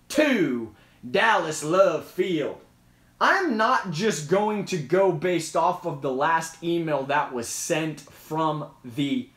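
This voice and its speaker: A man with a high voice hosts a casual live Q&A. He is chatty and emphatic and repeats his points as he explains them. The sound is echoey and roomy. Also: fairly bright tone. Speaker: host.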